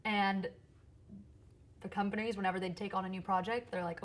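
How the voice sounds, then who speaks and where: A woman singer-songwriter chatting as an interview guest, lively and quick to laugh, recorded in a theater. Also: medium pitch. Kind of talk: casual interview chat. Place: theater stage.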